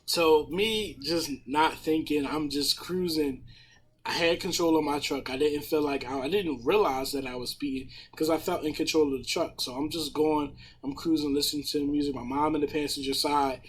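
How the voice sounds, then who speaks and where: A man in casual podcast chat, retelling a story in a profane, animated way with a husky voice. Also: on the high side, moderate pace. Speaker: podcast panelist.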